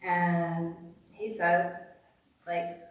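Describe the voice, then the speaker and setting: A woman's voice: lowish voice, flat delivery, very slow. Candid woman speaking from far off. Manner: candid, conversational, uses "like" often. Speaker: guest speaker at a church service. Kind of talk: personal testimony talk. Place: church hall. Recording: echoey hall from far off.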